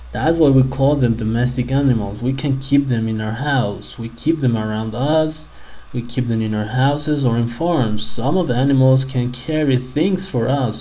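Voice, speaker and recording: A man's voice: medium pitch, mellow, rough recording. A man teaching a simple English lesson to children, asking them many friendly questions. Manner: slow, patient, talks to kids with questions.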